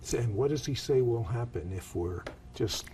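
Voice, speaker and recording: A woman's voice: rumbling low, animated, normal speed, dark tone, a little hiss or hum. A woman hosting a Christian talk show, prompting her guest with follow-up questions and summing up her points.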